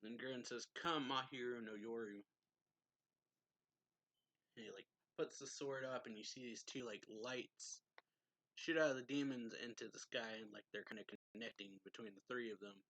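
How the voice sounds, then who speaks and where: Bright-voiced man giving a rambling recap. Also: mid-range voice, brisk, rough recording. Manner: rambling, filler-heavy retelling with self-corrections. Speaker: manga reviewer. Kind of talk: casual chapter recap.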